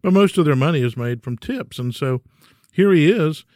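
A man's voice: on the high side, animated, moderate pace, a little mellow, dry recording, clean studio sound. A man hosting a podcast, telling stories in a folksy, rambling way with frequent ums. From Texas. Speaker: podcast host. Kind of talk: casual solo podcast storytelling.

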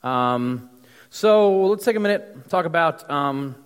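A man from the United States preaches in a loose, conversational way, stumbling through fillers and restarts. His voice sits a bit high for a man. It rings with the long reverb of a big hall. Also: expressive, slow, smooth. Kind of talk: casual sermon.

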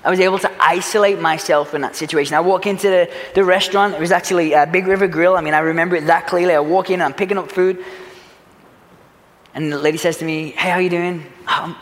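Pastor, male, high voice, earnest sermon delivery, long church-hall reverb. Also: fairly even intonation, quick pace. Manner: earnest preaching, big swings from loud urgency to hushed. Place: church sanctuary.

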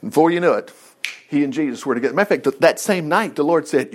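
A male preacher with a fairly high voice talks quickly, delivering a conversational sermon to a congregation in a room. He's animated and acts out the voices of the people he quotes.

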